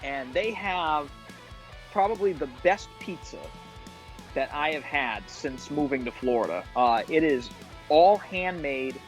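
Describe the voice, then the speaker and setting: A man's voice: a little high, lively intonation, a little slow, soft background music. A man from Rhode Island, a podcast guest, chatting casually and rambling with easy laughs. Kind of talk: casual chat.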